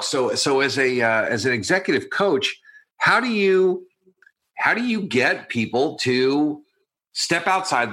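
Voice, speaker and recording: A man's voice: mid-range voice, bright, forceful tone. A man hosting a podcast interview, asking questions hesitantly and often restarting his phrases. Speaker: podcast host.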